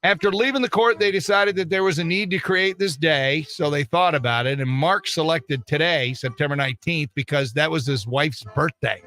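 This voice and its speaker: A man's voice: fairly high pitch, normal speed, few pauses, sharp tone, faint music behind. An older man hosting a radio show from the studio, running through joke-filled news bits with a wisecracking delivery. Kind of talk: morning radio comedy chat.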